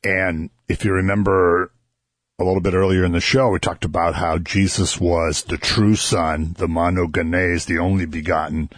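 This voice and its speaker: A man's voice: low-pitched, little pitch movement, moderate pace, no room sound, clean studio sound. A man hosting a Christian radio show, earnestly explaining a Bible passage to listeners and his co-host. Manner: earnest, explanatory, builds emphasis. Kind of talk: conversational Bible teaching.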